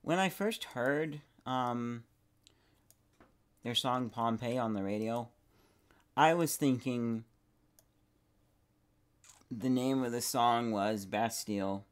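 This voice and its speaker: A man's voice: mid-range voice, steady tone, slow, pauses often, clean tone. Rambling young man musing while gaming. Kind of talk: casual gaming commentary.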